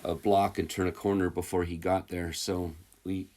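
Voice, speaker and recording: Casting: man with a lowish voice, relaxed anecdote teller, chuckles, loose and rambling. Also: normal speed. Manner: rambling and chuckling, with many fillers and restarts. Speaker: returned missionary telling stories. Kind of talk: casual storytelling interview.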